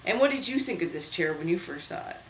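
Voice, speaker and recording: A woman's voice: lowish voice, expressive, fast, a little hiss or hum. Chatty woman hosting in an echoey room. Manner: chatty, hesitant, many fillers. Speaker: host. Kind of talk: casual home video show. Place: home room.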